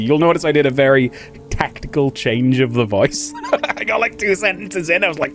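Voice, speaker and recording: A man giving casual, excitable commentary while playing a video game, laughing often. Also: on the high side, moderate pace, soft background music. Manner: excitable, laughing, chatty asides. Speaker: gaming channel host.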